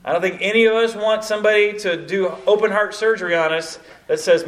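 A man with a high-pitched voice, moderate pace and hardly any pauses trains a live group in evangelism in a church meeting room. His storytelling is animated and laced with asides like "you know, kind of thing."

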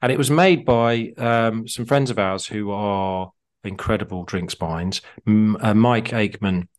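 A man with a fairly low voice, chatting on a podcast about drinks. He is eager and talkative and often trips over his words with ums and restarts. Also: measured pace. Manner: chatty, enthusiastic, lots of fillers. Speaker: podcast co-host. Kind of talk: casual drinks podcast chat.

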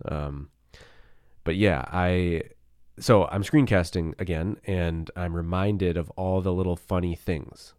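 A man hosts a solo podcast, thinking aloud in a rambling, self-mocking way. His voice sits very low, thick with morning grogginess and a cold. The sound is dry and close. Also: a little mellow, no room sound. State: has a cold. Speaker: podcast host. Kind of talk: casual solo podcast musing.

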